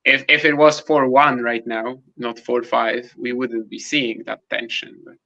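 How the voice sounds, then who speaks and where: Gravelly, bright-toned man on a lo-fi mic. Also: mid-range voice, flat delivery, a little slow. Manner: analytical, filler-heavy chat. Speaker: co-host. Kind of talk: live match commentary.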